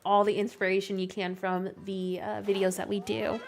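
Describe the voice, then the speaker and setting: A woman's voice: mid-range voice, level tone, normal speed. Chatty woman with a Canadian-Southern accent. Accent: mixed Canadian and Southern Louisiana. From Canada, near Vancouver. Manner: chatty and self-deprecating, laughs often. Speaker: gaming content creator. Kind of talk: casual chat while playing, answering viewer comments.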